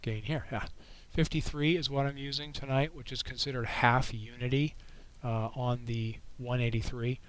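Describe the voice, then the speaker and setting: Slightly hoarse man hosting a relaxed livestream. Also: medium pitch, moderate pace, few pauses, poor audio. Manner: relaxed, rambling, reading chat questions aloud. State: slightly hoarse, frog in his throat. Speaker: astronomy livestream host. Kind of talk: casual livestream chat. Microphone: microphone held right in front of his mouth.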